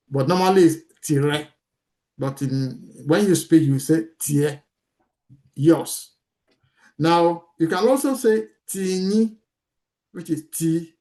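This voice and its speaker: A man's voice: on the high side, warm tone. A middle-aged man teaching a language lesson from slides, patiently repeating each word with fillers and restarts.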